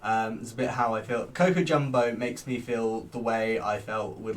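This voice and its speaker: A man's voice: fairly low pitch, steady tone, normal speed, few pauses, recorded from a distance. A man who performs as a drag queen, chatting casually from a home office as he reviews a TV show, bubbly and giggly with lots of rambling fillers.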